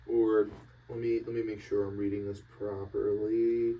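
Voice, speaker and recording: A man co-hosting a casual sports podcast, laid-back and making quick joking asides. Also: fairly low pitch, level tone, far from the mic, dull audio. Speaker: podcast co-host.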